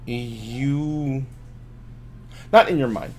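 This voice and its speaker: Man in mid pitch narrating a tabletop game. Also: extremely slow, darkish tone, a little hiss or hum. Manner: loose, filler-heavy narration with many restarts. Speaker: game master.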